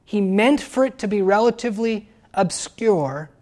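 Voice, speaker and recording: A man giving a sermon, lively and conversational, acting out quoted voices and asking the listeners questions. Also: high-pitched, moderate pace. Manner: animated, acts out quoted voices. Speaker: pastor.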